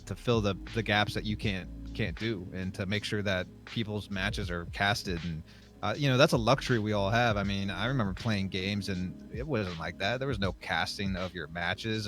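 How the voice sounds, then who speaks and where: A man's voice: fairly low pitch, fairly bright tone. A man talking casually on a podcast, reflective and rambling with many fillers.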